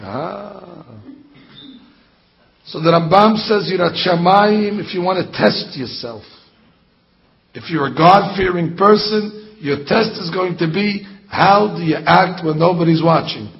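High-voiced rabbi teaching with mocking questions. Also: male voice, measured pace. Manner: animated, mocking rhetorical questions. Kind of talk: Torah class sermon. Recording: dull lo-fi sound.

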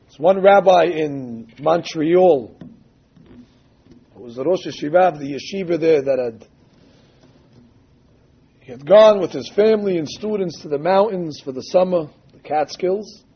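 A man preaches a sermon, weaving in stories and stressing quoted passages with slow emphasis. His voice sits high and husky. The recording is dull and lo-fi. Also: animated. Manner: emphatic, drawn-out quoting of texts. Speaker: rabbi or religious teacher. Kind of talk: sermon with storytelling.

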